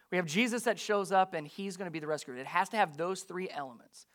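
High-voiced preacher. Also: male voice, fast, a bit bright. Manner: conversational preaching with rhetorical questions to the congregation. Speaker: pastor. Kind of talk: sermon.

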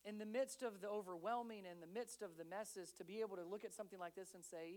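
Male preacher, thirties, animated sermon storyteller, shifts from hushed to loud. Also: high voice, fairly quick, hardly any pauses. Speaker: pastor.

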